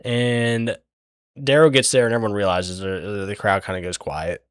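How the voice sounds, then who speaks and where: Guy rambling thru a book recap while drawing, lots of swearing and ums, lowish voice, dry sound. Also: steady tone, moderate pace, clean tone, no echo. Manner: rambling, profane, lots of fillers and restarts; acts out characters' lines in his retelling. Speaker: channel host recapping a book.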